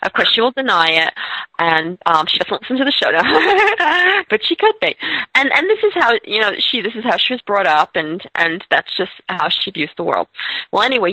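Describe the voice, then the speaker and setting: A woman's voice: on the low side, pushed and bright, no room sound, rough recording. A woman hosting a podcast conversation, telling stories in an upbeat way with frequent affirmations. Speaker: host.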